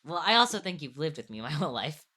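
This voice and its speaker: Low-voiced young woman chatting on stream. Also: big pitch swings, fast, pushed and bright, husky. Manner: rambling, restarts sentences, laughs often. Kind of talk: casual chat on an art stream.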